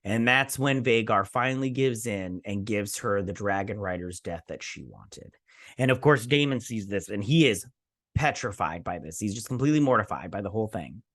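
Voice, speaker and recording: A man's voice: on the low side, expressive, normal speed, fairly bright tone, no room sound, studio quality. A man hosting a show, casually recapping a TV episode in a rambling way, full of restarts and loose, profane paraphrases. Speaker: host.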